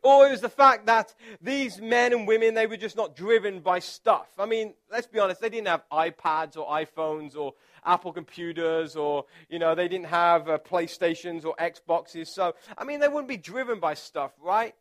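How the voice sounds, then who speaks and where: A man preaching a relaxed, conversational sermon as pastor, chatty and self-deprecating, with filler words and restarts. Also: high voice, moderate pace, hardly any pauses.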